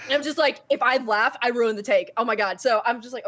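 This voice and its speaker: A woman's voice: fairly high pitch, animated, normal speed, a bit bright. A woman co-hosting a podcast, telling a story in casual chat and acting out the quotes with bursts of laughter. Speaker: podcast co-host.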